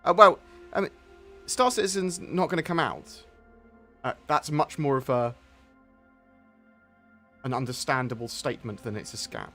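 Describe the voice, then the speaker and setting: A man's voice: medium pitch, moderate pace, pauses often, pushed and bright, faint music behind. A man answering viewer questions on a live stream in a rambling, candid way, with some mild swearing.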